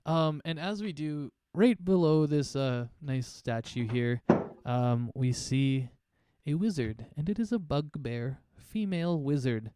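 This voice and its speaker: A man playing a tabletop game over voice chat, talking in a relaxed, rambling way with many fillers. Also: fairly high pitch, unhurried, few pauses, smooth. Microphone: online voice chat mic.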